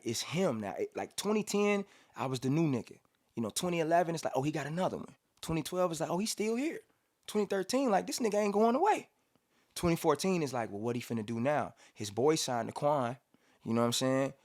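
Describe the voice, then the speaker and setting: Rapper guy from cincinnati telling stories in a studio, acts out quotes, hums beats, regular pitch. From Cincinnati, USA. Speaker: rapper guest. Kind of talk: casual storytelling interview.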